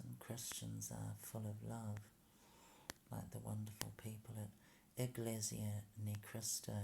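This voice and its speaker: A man talks slowly in a dark, mellow, gravelly voice. He rambles sarcastically and stumbles through frequent ums. A faint hum of room ambience sits behind him. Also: fairly low pitch. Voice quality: halting, full of ums and mock slips.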